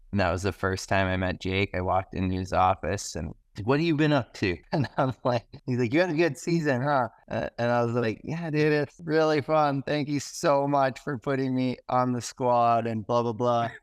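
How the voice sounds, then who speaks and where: A man's voice: medium pitch, moderate pace, hardly any pauses, clear, resonant tone, dry recording. A young man from Canada, a podcast guest, telling stories in an enthusiastic, slangy way and acting out what people said. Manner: enthusiastic, animated, slangy, acts out quotes. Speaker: podcast guest, pro snowboarder. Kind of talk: casual podcast storytelling.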